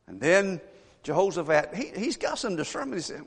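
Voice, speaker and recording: A man preaching a sermon as a pastor, telling a story with animated asides and rhetorical questions to the congregation. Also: high-pitched, a little fast, creaky, a crowd in the background. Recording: echoey church hall.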